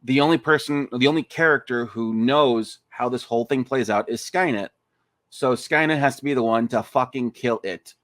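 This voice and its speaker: A man's voice: medium pitch, moderate pace, dry recording. A man guesting on a podcast, chatting casually and animatedly about his film, swearing and acting out quotes. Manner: animated, swears, acts out quotes in funny voices. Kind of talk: casual interview chat.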